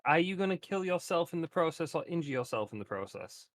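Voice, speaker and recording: A man playing a tabletop game, joking and animated in banter. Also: fairly high pitch, fast talker, no room sound. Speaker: player. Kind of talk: tabletop role-play banter.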